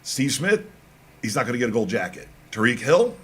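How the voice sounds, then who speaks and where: A man co-hosting a sports radio show, talking in an emphatic, animated and teasing way. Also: mid-range voice, a little fast, husky. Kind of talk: casual sports talk.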